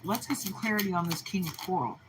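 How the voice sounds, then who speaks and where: A woman's voice: lowish voice, fast talker, background noise. A woman doing a casual, playful tarot reading at home. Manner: animated, playful, sings and laughs. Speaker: tarot reader. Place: home with dogs.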